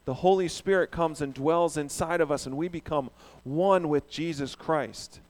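A man preaching a sermon in an animated way, asking the congregation questions. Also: on the high side, normal speed. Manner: animated, asks the audience questions. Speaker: pastor.

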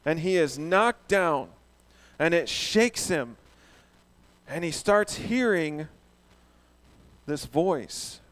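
A man preaching a sermon in an animated way, asking the congregation questions. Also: on the high side, extremely slow, pauses often. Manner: animated, asks the audience questions. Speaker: pastor.

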